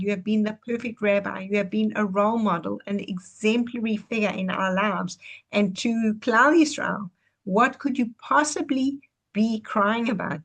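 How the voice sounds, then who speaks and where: A woman's voice: medium pitch, vocal fry. A woman voicing a group of grieving students pleading with their dying rabbi, in her own storytelling voice.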